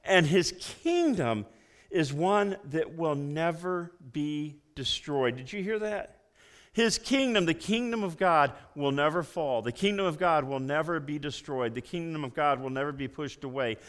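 A man preaching a sermon, emphatic, swinging between loud emphasis and hushed low passages. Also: animated, a little slow, big-room sound. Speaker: pastor.

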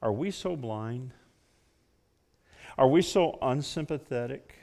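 A male preacher delivers his sermon in an earnest, mid-pitched voice that rises loud and sinks to a near hush. The sound rings with the long reverb of a large church hall. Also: animated, slow, creaky. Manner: earnest, swells loud then drops to hushed tones. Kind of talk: sermon with told stories.

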